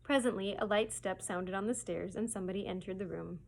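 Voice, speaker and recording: A woman librarian reading a children's chapter book aloud in a gentle storytelling manner. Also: medium pitch, a little fast, creaky, few pauses, low-quality recording. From United States.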